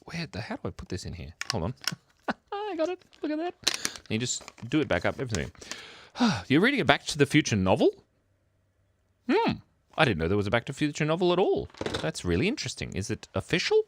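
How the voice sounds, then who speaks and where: A middle-aged man with an Australian accent chatting casually with viewers of his livestream at home, speaking quietly and laughing often. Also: mid-range voice, wildly swooping pitch, quick pace, a little hiss or hum. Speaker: livestream host. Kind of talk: casual chat reading viewer comments. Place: home, early morning. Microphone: microphone worn near the beard.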